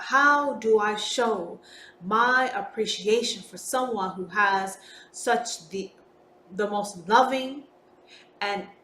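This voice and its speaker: Slow, emphatic woman podcasting in a roomy space. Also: a little high, fairly bright tone. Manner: emphatic, slow and deliberate, frequent swearing. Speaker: podcast host. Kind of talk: solo podcast monologue. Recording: roomy with faint background noise.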